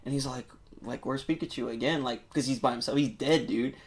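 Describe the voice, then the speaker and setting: A man on a podcast excitedly retelling a movie plot in casual, rambling chat, full of filler words and swearing. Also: mid-range voice, brisk. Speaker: podcast co-host.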